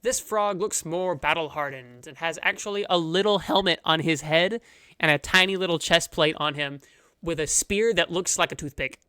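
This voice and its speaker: A game master narrating a tabletop game in a descriptive, unhurried way with fillers. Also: medium pitch, bright, forceful tone, clean tone, dry recording.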